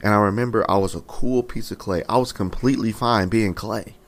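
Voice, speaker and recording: A man's voice: lowish voice, steady tone, a little fast, lightly acted. A young man in his twenties voicing a talking clay cup that pleads with its maker, asking the same anguished questions over and over. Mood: wistful. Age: 20s.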